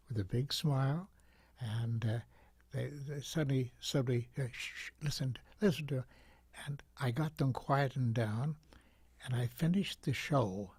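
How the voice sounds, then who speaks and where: Older man telling a gentle story. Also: mid-range voice, breathy edge, no room sound. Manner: gentle, reflective, halting with repeats. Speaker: guest.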